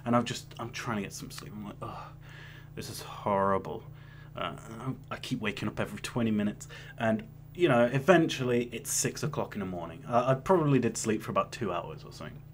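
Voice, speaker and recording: A man's voice: lowish voice, fairly quick. A young man telling a story in a casual, rambling way, swearing often and restarting his sentences. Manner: rambling, profane, with many restarts. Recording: faint hum behind.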